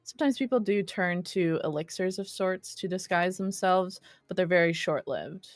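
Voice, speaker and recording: A woman narrating as game master, playful and quick to laugh as she teases her players. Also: fairly low pitch, no room sound, clean studio sound, soft background music.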